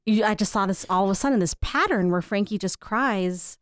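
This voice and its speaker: Podcast co-host, woman, 30s, candid storyteller, smooth voice, dry close mic. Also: mid-range voice, a little fast, no room sound. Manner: candid, laughs between stories, quotes people in changed voices. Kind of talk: casual family chat.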